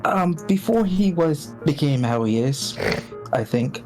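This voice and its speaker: A player asks hesitant, halting questions in a casual tabletop game. Faint music plays underneath. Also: medium pitch, expressive, a little mellow.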